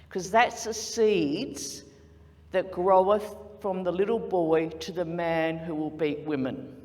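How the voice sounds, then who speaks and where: A woman with an Australian accent giving an earnest, persuasive contest speech in a large conference hall. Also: mid-range voice.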